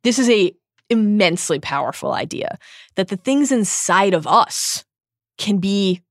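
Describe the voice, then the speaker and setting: A woman's voice: medium pitch, expressive, unhurried, no echo, clean studio sound. A woman co-hosting a podcast, recapping a book in an earnest, analytical way and reading passages with emphasis. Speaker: podcast co-host.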